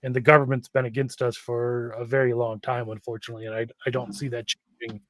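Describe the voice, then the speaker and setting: A man speaks as a remote guest on a video call to a talk show, in slow, measured, hesitant phrases. His voice sits at a middle pitch, and the sound is dry and close. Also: flat delivery, fairly bright tone, dry recording.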